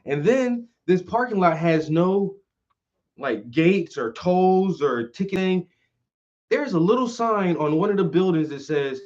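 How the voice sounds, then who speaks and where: A man's voice: high voice, expressive, a little slow, darkish tone. A man who hosts his own channel as a painter, telling a story in casual, slangy, profane vlog style. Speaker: painter and host. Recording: slightly muffled lo-fi audio.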